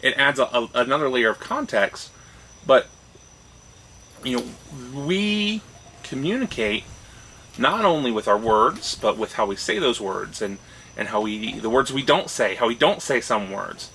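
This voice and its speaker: Bright-voiced man in casual talk. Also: medium pitch, expressive, a little slow, a little hiss or hum, rough recording. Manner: thoughtful, restarts phrases, rising "right?" checks. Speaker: podcast co-host. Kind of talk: casual discussion.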